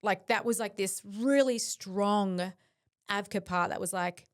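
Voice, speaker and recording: A woman's voice: medium pitch, measured pace. Earnest, intense woman. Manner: earnest, intense, with frequent fillers. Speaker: podcast guest, bodybuilder. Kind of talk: reflective interview talk.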